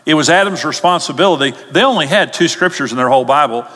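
A man's voice: a little high, expressive, fast talker, pushed and bright. A male pastor preaching a sermon emphatically, his voice rising as he gets stirred up. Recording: long hall reverb.

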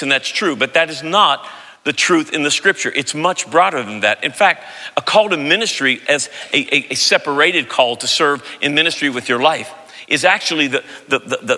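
A man in his fifties preaching a sermon as pastor, telling stories with animated, loud impressions of family voices. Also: fairly high pitch. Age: 50s. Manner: animated storytelling, mimics voices loudly. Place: large church sanctuary. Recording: long hall reverb.

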